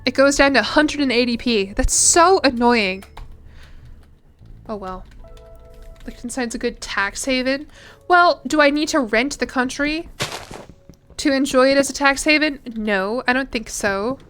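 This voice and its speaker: A woman's voice: sits high, unhurried, long pauses, fairly bright tone, smooth, soft background music. A young woman streamer chatting casually while gaming, rambling and self-deprecating.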